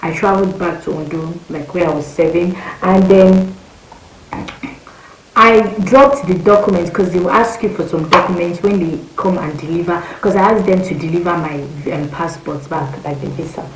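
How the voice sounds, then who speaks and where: A young woman in her twenties with a Nigerian accent, telling a story to her viewers in a lively, exclamatory way with her voice leaping up when she gets excited. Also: lowish voice, normal speed, reverberant, slight background noise, poor audio. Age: 20s. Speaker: vlogger. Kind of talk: casual storytelling rant.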